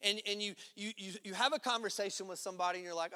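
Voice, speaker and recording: A man preaches a sermon with a high, bright voice that rings out in a church hall with a long reverb. He talks to the congregation conversationally, pushing some lines out loud and dropping others to a low hush. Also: fairly even intonation, rapid-fire, few pauses, smooth. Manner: conversational preaching, swinging between loud emphatic and hushed low delivery. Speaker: pastor.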